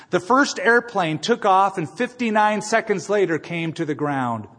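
A man preaching a sermon as pastor and leading a closing prayer, emphatic, moving between quiet and loud passages. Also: sits high, expressive, moderate pace, few pauses. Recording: long hall reverb.

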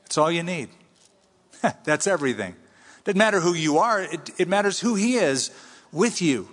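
A man preaches a conversational Bible sermon in a slightly high voice, swinging his delivery up and down with animated emphasis. The sound carries with a long reverb from a large hall. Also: moderate pace, long pauses. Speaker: pastor.

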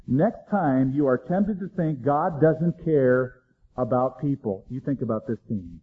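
A man preaching a sermon, dramatic, swinging between loud emphasis and hushed low lines. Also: lively intonation, measured pace, husky, phone-quality sound. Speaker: pastor.

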